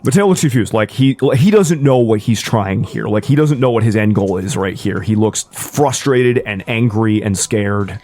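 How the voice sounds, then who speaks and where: A man narrating as game master of a tabletop game in a casual, animated way. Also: lowish voice, normal speed, few pauses, no echo.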